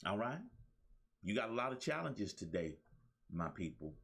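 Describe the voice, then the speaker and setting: A man's voice: fairly low pitch, sing-song, normal speed, vocal fry, fairly bright tone. A man hosting his own motivational talk show, preaching to listeners with repeated phrases. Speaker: life coach and show host.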